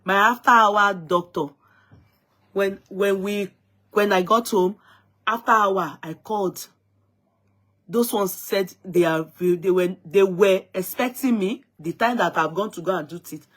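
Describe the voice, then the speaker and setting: A woman with a Nigerian accent telling a story to her viewers in a lively, dramatic way, slipping into Yoruba phrases. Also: mid-range voice, measured pace. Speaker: vlogger.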